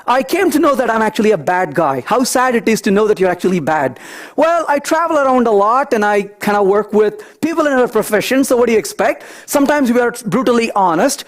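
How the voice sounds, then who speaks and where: Animated man giving a coding talk. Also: very high-pitched, a little fast. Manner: animated, storytelling asides, thinks aloud. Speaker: conference speaker. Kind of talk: technical talk with live coding.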